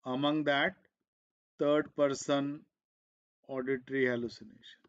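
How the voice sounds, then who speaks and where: A man teaching an exam revision class, who explains slowly and repeats himself, switching into Hindi now and then, and keeps coughing and clearing his throat. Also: medium pitch, fairly even intonation, highs cut off. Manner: slow, repetitive explaining, switching into Hindi asides. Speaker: medical exam coaching teacher. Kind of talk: live exam revision lecture.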